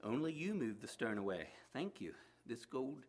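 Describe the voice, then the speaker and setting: A man voicing an elderly, patient king in a read-aloud parable, speaking in a measured, gently stern way. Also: mid-range voice, big pitch swings, voice pushed up. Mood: calm. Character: elderly wise male king, patient and calm.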